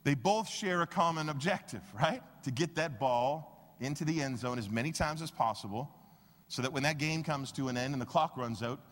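A man preaching a sermon as pastor, telling stories with animated, acted-out quotes. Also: a little high, normal speed, big-room sound. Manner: animated storytelling, acts out quoted voices.

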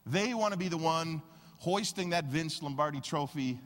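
A man preaching a sermon as pastor, telling stories with animated, acted-out quotes. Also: a little high, normal speed, big-room sound. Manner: animated storytelling, acts out quoted voices.

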